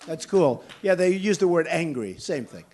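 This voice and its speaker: A man's voice: a little high, lively intonation, normal speed, a little mellow. Older male candidate, rally Q&A, blunt and repetitive, slightly raised voice. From United States. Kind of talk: campaign rally Q&A. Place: large indoor venue.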